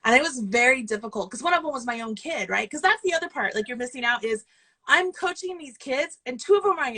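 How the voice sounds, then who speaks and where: A woman's voice: high voice, expressive, fast talker, sharp tone, husky, poor audio. A woman in her forties, a coach and business owner, chatting casually and getting tearful as she rambles. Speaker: guest host, yarn business owner and throwing coach. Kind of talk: casual video chat.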